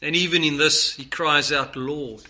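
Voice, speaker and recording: Bright-voiced man preaching a sermon. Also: fairly high pitch, steady tone, unhurried. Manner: earnest, swinging from loud to hushed.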